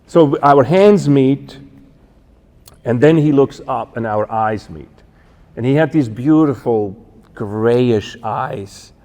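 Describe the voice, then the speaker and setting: A man in his fifties from Switzerland, telling a personal story as a guest speaker, halting and correcting himself with many fillers. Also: medium pitch, dark tone. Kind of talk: storytelling talk. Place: church event hall. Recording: long hall reverb.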